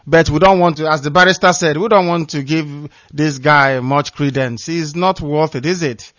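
Fired-up radio host guy, kinda high voice, dull dry lo-fi sound. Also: normal speed, a bit bright, no room sound. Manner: impassioned, repetitive emphasis. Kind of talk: call-in radio address.

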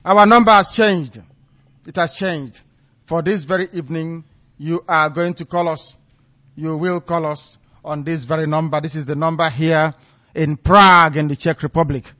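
A man's voice: on the high side, fairly even intonation, moderate pace, sharp tone, no echo. A man broadcasting live on radio, talking in an emphatic, preaching declamation. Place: radio studio. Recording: dull, lo-fi dry studio sound.

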